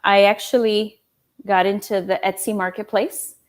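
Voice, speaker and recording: A woman in her thirties telling her own story in an interview, animated, laughing often and acting out quoted dialogue. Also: medium pitch, moderate pace. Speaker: guest, small business owner and designer.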